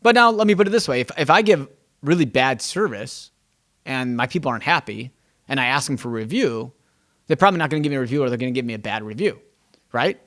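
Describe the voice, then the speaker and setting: With a mid-range, fairly bright voice, lively intonation, and a quick pace, a real estate agent carries his podcast as a casual, emphatic monologue. He stumbles and repeats himself while thinking aloud, and he dramatizes conversations with his clients.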